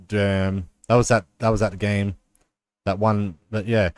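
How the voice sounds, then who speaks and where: A man's voice: on the low side, little pitch movement, a little slow, clear, resonant tone, dry recording. A man streaming chess, chatting casually and telling a long profane story full of fillers. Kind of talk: casual stream chat while playing chess.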